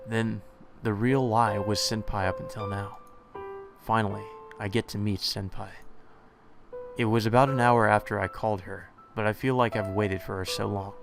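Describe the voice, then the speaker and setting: A man's voice: fairly low pitch, fairly even intonation, normal speed, creaky. Man reading a game story aloud. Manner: reads aloud with small stumbles and restarts. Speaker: let's play narrator. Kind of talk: reading a visual novel aloud. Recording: music playing behind.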